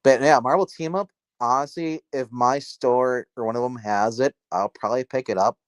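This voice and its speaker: A man chatting casually on a livestream about comics from his dark home, rambling and restarting his sentences. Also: medium pitch, normal speed, dry recording. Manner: rambling, self-interrupting, filler-heavy. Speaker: comic book livestream host. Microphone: phone.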